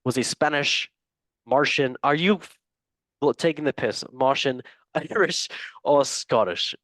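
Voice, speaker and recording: A man's voice: medium pitch, measured pace, fairly bright tone, dry recording. A man hosting a football quiz on a casual podcast, playful and jokey, swearing and laughing often. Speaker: quiz host.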